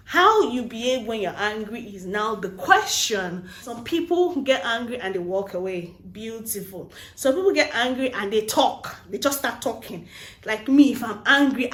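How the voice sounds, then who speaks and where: Woman, advice vlogger, lively storyteller, mid-pitched, echoey room. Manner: animated storyteller, mixes in pidgin phrases. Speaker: Christian relationship vlogger. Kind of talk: casual advice vlog. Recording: roomy echo.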